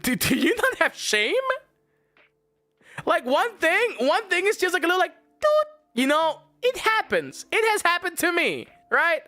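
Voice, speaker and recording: A young man, a streamer, telling a story as a casual, exasperated rant full of swearing. He swings between his high voice and deep mock tones. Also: sharp tone, dry recording.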